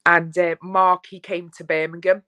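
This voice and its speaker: A woman with a Scouse accent, a podcast guest chatting casually and telling lively stories, swearing freely. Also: lowish voice, moderate pace. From England. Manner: lively storyteller, swears freely, laughs often.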